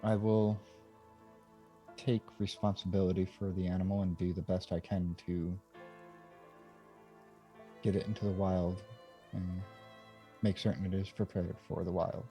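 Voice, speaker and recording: A man voicing an earnest, dutiful adventurer, speaking politely and deliberately. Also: low-pitched, level tone, lo-fi sound, faint music behind. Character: earnest, dutiful adventurer taking responsibility for an animal.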